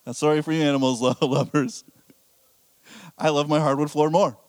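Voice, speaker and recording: A man's voice: on the high side, fairly even intonation, normal speed, darkish tone, no room sound. A middle-aged man preaching a sermon as pastor, telling candid, self-deprecating stories with a laugh.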